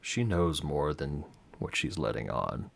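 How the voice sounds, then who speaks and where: A man's voice: very deep voice, big pitch swings, a little slow, gravelly, crowd noise. A man narrating as game master of a tabletop game, rambling with many fillers and restarts.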